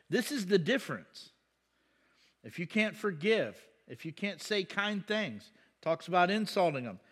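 Guy preaching, kinda high voice, talks with the crowd, gets loud and punchy on points. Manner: conversational preaching with questions to the congregation. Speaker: pastor. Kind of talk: sermon.

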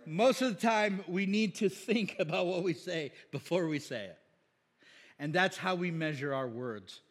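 A man preaching a sermon in a church hall with a long, ringing reverb. His voice sits a little high for a man. He jokes, laughs often and builds to loud, emphatic peaks. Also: unhurried. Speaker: pastor. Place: church sanctuary.

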